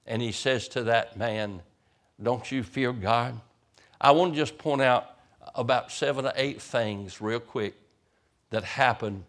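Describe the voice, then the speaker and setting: A man's voice: medium pitch, fairly bright tone. A man, a pastor, preaching a sermon as vivid storytelling, often stammering over the first words of a sentence.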